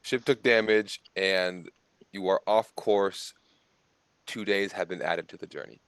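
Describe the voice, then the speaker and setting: Low-voiced man running a tabletop game. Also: unhurried, clean tone, dry recording. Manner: relaxed, conversational narration with fillers. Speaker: game master.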